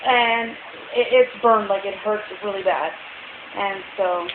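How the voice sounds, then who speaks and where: An exhausted woman chats casually to her viewers, rambling and packing her talk with fillers. Her voice sits at an ordinary middle pitch. It is captured as thin, phone-like audio with steady hiss in an echoey room. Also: slow. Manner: rambling, chatty, many fillers. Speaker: vlogger. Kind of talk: casual chat.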